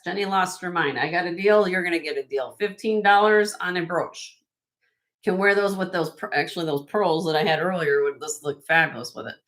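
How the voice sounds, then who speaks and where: Bright, chatty woman auction host. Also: fairly low pitch. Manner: chatty, laughs often, upbeat sales patter. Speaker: online jewelry auction host. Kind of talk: live-stream auction chat.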